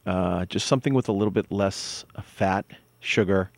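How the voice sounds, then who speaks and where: A man's voice: sits low, normal speed, creaky, dry recording. A man from Boston with a Boston accent, co-hosting a casual chat and telling stories with easy laughs. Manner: chatty storyteller, laughs easily.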